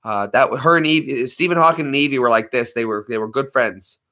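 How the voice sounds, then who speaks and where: A man's voice: mid-range voice, fast talker, bright, forceful tone. A man chatting casually on a live stream in a rambling, jokey way. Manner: rambling, jokey, breaks into voices.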